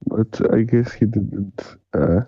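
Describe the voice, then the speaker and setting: A man chatting on a stream voice call, sounding drowsy and slow to catch up. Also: lowish voice, fairly even intonation, dark tone, husky, no room sound, muffled recording. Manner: drowsy, slow, just joined. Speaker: co-host on a stream. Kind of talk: casual group chat over voice call.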